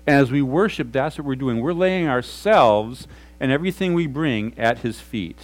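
A man's voice: mid-range voice, expressive, normal speed, rough recording. Earnest middle-aged male pastor preaching. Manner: earnest, conversational preaching with soft, hushed prayerful asides. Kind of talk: sermon.

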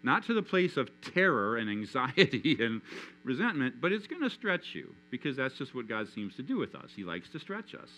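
A man preaching a sermon in a church, animated, acting out the inner voices of his listeners. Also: medium pitch, moderate pace, slight background noise, rough recording. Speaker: pastor.

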